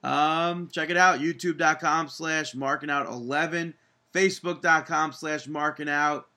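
A man's voice: on the high side, steady tone, unhurried, pushed and bright. A man hosting a wrestling podcast, chatting casually and upbeat, laughing easily. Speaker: podcast host. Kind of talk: casual chat.

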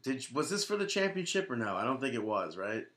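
A man's voice: medium pitch, very animated, brisk, a bit bright. A man co-hosting a wrestling podcast, chatting casually with a wry, teasing manner. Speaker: podcast co-host.

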